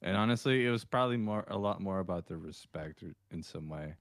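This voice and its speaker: A man's voice: sits low, brisk, no room sound, studio quality. A man in casual chat, crude and joking, swearing often.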